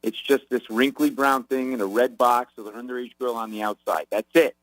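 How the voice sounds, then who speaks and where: A man's voice: mid-range voice, steady tone, brisk, a bit bright, no room sound, poor audio. A male comedian telling rambling jokey stories as a radio guest, full of fillers.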